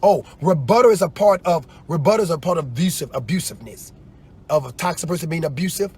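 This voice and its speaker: A man preaching in a loose, animated way on a livestream, often acting out quoted voices. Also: fairly high pitch, fast, breathy edge. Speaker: apostle.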